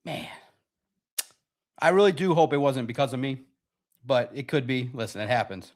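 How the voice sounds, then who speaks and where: Speaking in a mid-range voice, a young man runs a live sports podcast stream. The commentary comes out rapid and animated, and he repeatedly restarts what he's saying.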